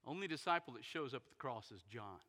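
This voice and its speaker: A man preaching a sermon, retelling a story dramatically and swinging from loud bursts to hushed near-whispers. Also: medium pitch, lively intonation, quick pace. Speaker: pastor. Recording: long hall reverb in a big sanctuary.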